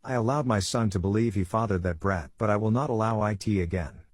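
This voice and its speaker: A man's voice: lowish voice, fairly quick, dry recording, studio quality, lightly acted. A man voicing a spiteful older mother-in-law in a bedtime story, accusing and scornful.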